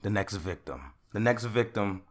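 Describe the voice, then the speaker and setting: A young man hosting his own podcast, ranting in a casual monologue that swings from loud outbursts to calmer talk. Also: lowish voice, moderate pace. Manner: rants loudly, then calms down. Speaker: podcast host.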